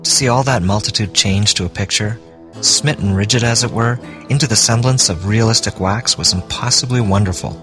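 A man reading a classic story aloud as an audiobook narrator, in a measured storytelling manner. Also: lowish voice, over music. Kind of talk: scripted narration.

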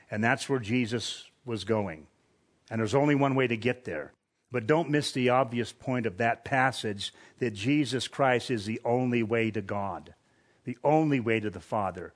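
A man preaching an expository sermon at an average pitch. He speaks earnestly and with emphasis, raising his voice on the points he wants to land.

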